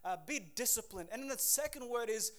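A man preaching a sermon, energetic and conversational, with call-and-response asides to the congregation. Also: very high-pitched, fairly quick. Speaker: pastor.

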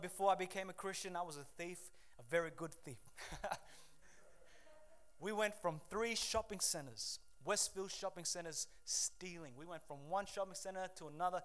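A man preaching a sermon to a church congregation, swinging from loud exhortation to hushed, emotional confession. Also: high-pitched. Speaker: pastor. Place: church service.

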